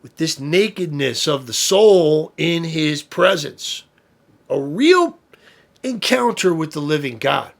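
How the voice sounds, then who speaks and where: A priest giving an informal spoken lesson, explaining with fillers and asides and rising to emphatic peaks. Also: male voice, a little high, sing-song, slow, creaky. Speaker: priest teaching a study session.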